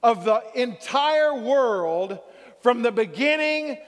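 A man's voice: very high-pitched, animated, takes it slowly, in a large hall. A male pastor preaching a sermon, calling out "Amen?" to the congregation and acting out everyday quotes. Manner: preaching with call-and-response "Amen?" and acted-out quotes.

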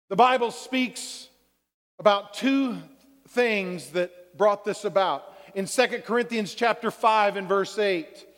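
In a large hall, a man with a high, slightly bright voice preaches a sermon as a pastor. He calls out "Amen?" to the congregation for call-and-response and acts out everyday quotes.

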